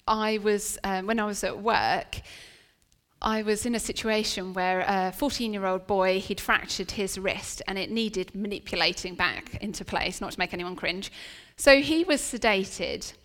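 A woman's voice: mid-range voice, a little slow, a bit bright. Woman preaching in a reverberant hall. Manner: earnest, chatty storytelling with restarts. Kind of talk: sermon. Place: church venue. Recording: long reverb of a church hall.

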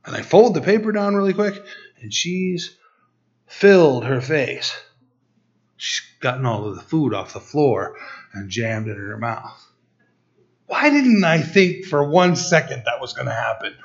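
A middle-aged man preaching a sermon, telling a personal story in quick bursts with stammered restarts. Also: a little high, lively intonation. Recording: dull lo-fi recording.

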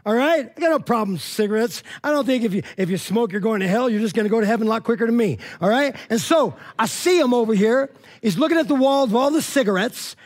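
Animated male preacher telling a story. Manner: animated, acts out dialogue with swings in pitch and loudness; conversational, frequent "all right?" and "you know what I mean?". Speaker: pastor. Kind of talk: storytelling sermon.

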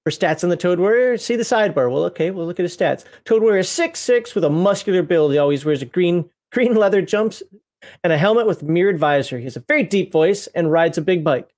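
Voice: mid-range voice, lively intonation, fairly quick, darkish tone. A co-host in casual chat, reading entries from a game book aloud with playful asides and frequent laughter.

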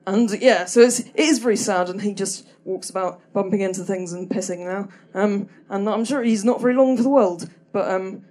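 A woman's voice: medium pitch, moderate pace, few pauses, darkish tone. A woman tells a stand-up story in a mid-range voice. She hesitates and restarts a lot, and she is dry and self-deprecating. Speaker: comedian.

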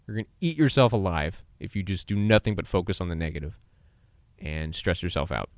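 A man's voice: low-pitched, a little fast, no echo, studio quality. A man in his twenties hosting a solo podcast, talking casually and acting out quoted voices, often laughing at himself. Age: 20s. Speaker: podcast host.

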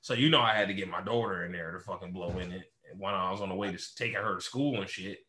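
A man's voice: sits low, quick pace, bright, forceful tone, pitched below the performer's own voice. A man playing a rowdy, defiant man on parole who complains crudely and swears constantly. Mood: griping. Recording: roomy echo.

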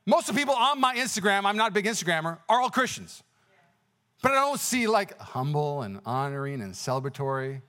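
Male pastor, quick, high voice, energetic storytelling sermon. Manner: energetic, personal storytelling with exclamations; conversational with many fillers and restarts.

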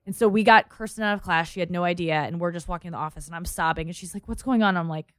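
A woman's voice: lowish voice, fairly even intonation, racing, no echo, clean studio sound. A young adult woman in a casual chat, telling a long personal story and quoting the people in it.

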